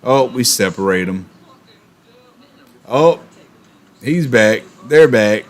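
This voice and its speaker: A man streaming and chatting casually, animated, with quick asides and laughs. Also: medium pitch. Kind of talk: casual chat while opening cards.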